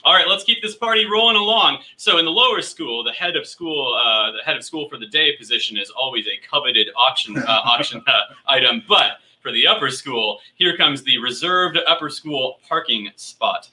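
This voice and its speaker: A man's voice: mid-range voice, expressive, moderate pace, hardly any pauses, sharp tone, low-quality recording. Upbeat man hosting a school event. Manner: friendly, upbeat presenter. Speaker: event host.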